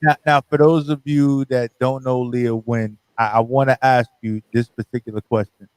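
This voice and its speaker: A man co-hosting a radio show, asking questions in a halting, stammering way. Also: mid-range voice, flat delivery, darkish tone, clean tone, no echo. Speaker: radio co-host. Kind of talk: casual radio interview. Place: radio studio.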